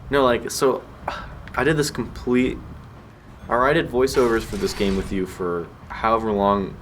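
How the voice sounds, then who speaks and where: A man's voice: mid-range voice, fairly even intonation, moderate pace, slight background noise. A man chatting casually while he watches a friend play a video game; he teases and laughs easily. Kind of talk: casual gaming chat.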